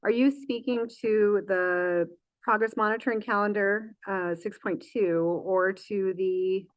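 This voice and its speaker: A woman's voice: medium pitch, fairly even intonation, unhurried, no room sound. A woman presiding over a public school board meeting, running motions and votes with frequent fillers and self-corrections.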